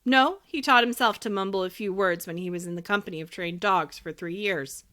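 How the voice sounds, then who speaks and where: A woman voicing a sly, flattering little man who drives a coach in a storybook reading. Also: mid-range voice, brisk, natural voice. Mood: coaxing.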